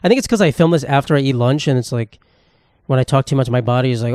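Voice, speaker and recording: A man's voice: medium pitch, fast talker, a little mellow, no echo, studio quality. A young man, a comedian hosting his own podcast, rambling casually in a self-deprecating way and swearing freely. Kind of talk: casual solo monologue.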